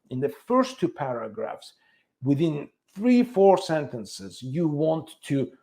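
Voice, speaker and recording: A man's voice: a little high, a little mellow. A man working as an immigration attorney, explaining to the camera in a conversational, emphatic way and firing off repeated questions.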